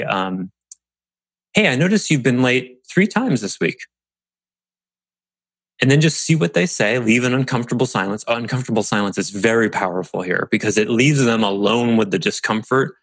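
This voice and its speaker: A business coach gives a casual instructional talk, explaining in a relaxed, conversational way and acting out bits of quoted dialogue. His voice is lowish, and the recording is dry.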